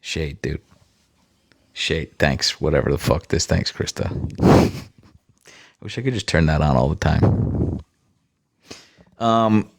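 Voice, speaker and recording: A man with a low, deep voice hosts a livestream and talks straight to his viewers. His chat is loose and casual, full of sarcasm and swearing. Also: expressive, slow, creaky, long pauses. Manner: sarcastic, profane banter with viewers. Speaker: livestream host.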